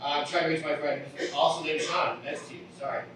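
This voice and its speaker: A man's voice: little pitch movement, fast, a bit bright, a little hiss or hum, close to an everyday voice. A man voicing a flustered, apologetic man searching a crowd for his friends, stammering in a raised voice. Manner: stammering, over-apologetic, higher voice. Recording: echoey room from a distant mic.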